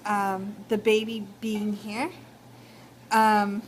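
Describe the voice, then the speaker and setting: A woman's voice: medium pitch, level tone, drawn-out words, a little hiss or hum, rough recording. A young woman with a Texan accent giving casual advice in a vlog, talking chattily with many fillers. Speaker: vlogger.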